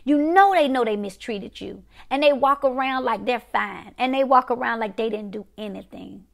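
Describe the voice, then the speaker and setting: A woman preaching, emphatic and repetitive, dropping to quiet one-word punches. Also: on the high side, normal speed, vocal fry. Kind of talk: prophetic preaching to a viewing audience.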